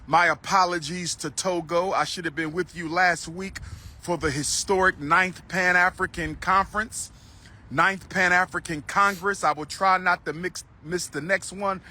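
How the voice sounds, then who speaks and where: A man livestreaming outdoors into a phone, loud and declaiming, repeating his phrases. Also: sits high, steady tone, normal speed. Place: outdoors on a street.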